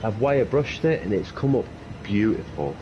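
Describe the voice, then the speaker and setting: A man rambling excitedly and swearing in casual chat. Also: fairly low pitch, normal speed. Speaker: car enthusiast. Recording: dull lo-fi audio with faint noise.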